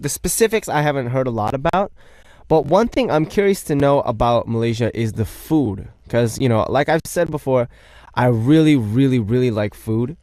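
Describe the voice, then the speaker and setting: A man's voice: mid-range voice, a little mellow, no room sound, studio quality. A young man hosting a radio show, reading out listener messages in a playful, chatty way and joking about himself.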